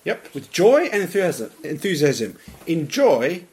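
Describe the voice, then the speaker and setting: A man preaching a church sermon in a fairly high voice. He talks earnestly and with emphasis, and lets many phrases fall soft at the end. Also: sing-song, unhurried. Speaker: pastor.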